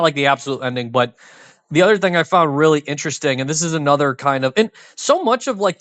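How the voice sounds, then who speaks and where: A man's voice: fairly high pitch, a bit bright, no echo. Rambling podcast man, fillers everywhere. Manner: rambling, many fillers and restarts. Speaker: podcast co-host. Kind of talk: casual film discussion.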